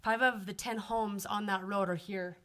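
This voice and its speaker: Woman, mid voice, earnest resident at a council podium, steady appeal. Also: mid-range voice, moderate pace. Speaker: resident giving public comment. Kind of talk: public comment at a council meeting. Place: city council chamber.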